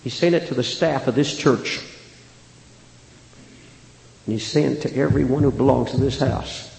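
A man preaching a fiery sermon to a church congregation, with an impassioned delivery that swings from hushed to loud. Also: mid-range voice, unhurried, creaky, pauses often, slight background noise. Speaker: traveling preacher. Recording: echoey hall with long reverb.

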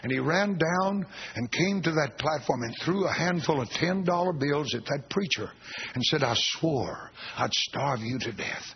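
A man preaching, telling a story from his own ministry with animated testimony and quoted dialogue. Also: on the high side, measured pace, a little hiss or hum. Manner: animated testimony, quoting God and others. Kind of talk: sermon storytelling. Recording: dull lo-fi recording.

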